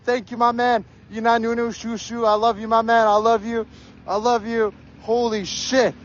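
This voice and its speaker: A hoarse young man livestreaming outdoors on a snowy street, excitedly yelling shout-outs to viewers. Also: very high voice, highs cut off. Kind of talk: live stream reading out viewer donations.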